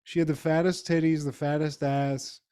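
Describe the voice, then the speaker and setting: Male podcast co-host, casual chat, animated and laughing, profane storyteller. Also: a little high, normal speed, clear, resonant tone. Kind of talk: casual chat recapping a TV episode.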